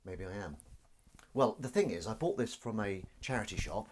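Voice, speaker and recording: A man's voice: fairly low pitch, animated, moderate pace, a little hiss or hum. A man hosting a live stream in a casual, jokey, self-mocking way, reading viewer comments aloud.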